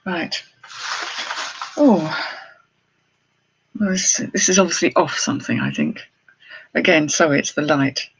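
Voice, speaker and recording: Speaking slowly with frequent pauses, a middle-aged woman uses a deep, expressive, breathy-edged voice. She hosts a live haul stream as a jewellery reseller, unboxing while chatting casually, exclaiming, and thinking aloud to viewers.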